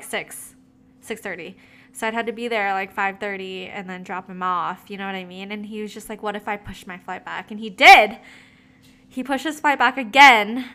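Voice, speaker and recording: A young woman with a bright, clear voice tells a long personal story. She talks in a loose, gossipy way, full of fillers and swearing, as if chatting with a friend. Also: mid-range voice. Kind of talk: casual chat.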